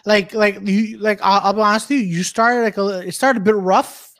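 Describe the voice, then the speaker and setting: A man's voice: high voice, steady tone, moderate pace, a bit bright. A man in a casual comedy chat, stammering and repeating words as he gives a fellow comic encouraging feedback. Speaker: podcast co-host.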